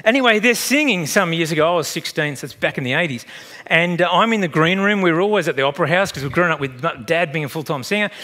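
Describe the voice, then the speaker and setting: A pastor in his fifties with an Australian accent preaches a sermon, his voice on the high side and his delivery fast. He tells chatty stories in an animated way, laughing at them along the way.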